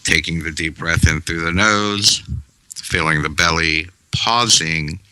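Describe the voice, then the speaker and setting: A man giving a calm, measured spiritual talk, guiding listeners through breathing with long pauses. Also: deep voice, clean tone, no room sound, low-quality recording. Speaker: spiritual teacher. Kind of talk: slow meditative talk.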